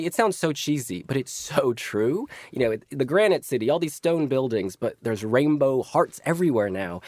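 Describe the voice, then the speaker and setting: A man as an interview guest, telling stories in a vivid, expressive way and laughing now and then. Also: mid-range voice, no echo, studio quality. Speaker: guest author. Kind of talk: interview conversation.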